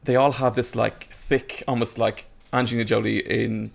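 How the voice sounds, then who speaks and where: A man reviewing films in a casual panel chat, animated and mimicking voices as he talks. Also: medium pitch, moderate pace, gravelly. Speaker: film reviewer.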